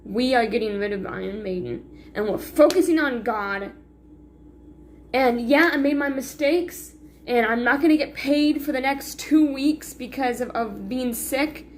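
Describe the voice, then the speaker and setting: A woman with a slightly high voice records a confessional vlog, rambling and hard on herself, stumbling over her words. A faint noise hums behind her. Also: measured pace. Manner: rambling and self-critical, with restarts and sighs. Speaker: vlogger.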